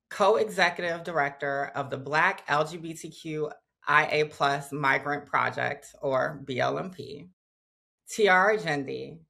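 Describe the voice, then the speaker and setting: Low bright Southern-accented woman moderator. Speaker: panel moderator. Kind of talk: scripted introduction, moderating.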